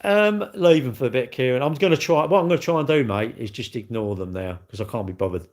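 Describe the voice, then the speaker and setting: A man's voice: mid-range voice, animated, fast talker, a little mellow. Rambling man hosting a livestream. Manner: rambling, repetitive, blunt, chatty. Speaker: livestream host. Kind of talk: casual chat to live viewers.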